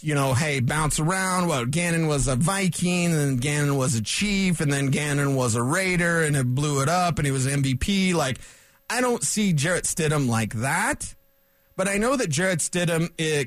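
A high-pitched male sports radio host ranting solo into a studio mic. He is fired up and loud, piling on tangents and sarcastic asides, and the sound is dry and close. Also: no room sound.

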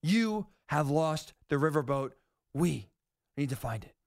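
A man hosting sports talk radio, ranting in an animated, sarcastic monologue about football decisions. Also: fairly high pitch, a little slow, long pauses.

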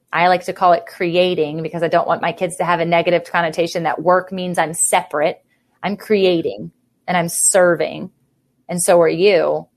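Woman in her 30s, faith podcast host, fervent and preachy, lowish voice.

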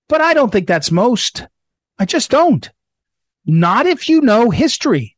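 A man's voice: very animated, unhurried, no echo. A middle-aged man hosting a political talk show, speaking emphatically and repeating himself for stress. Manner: emphatic, repetitive, drops low when reading promos. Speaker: radio show host.

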